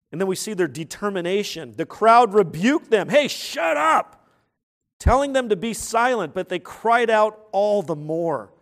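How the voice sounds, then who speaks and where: Male preacher with a high voice, animated and emphatic, who rises to sudden loud outbursts and keeps asking his listeners questions. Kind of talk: sermon.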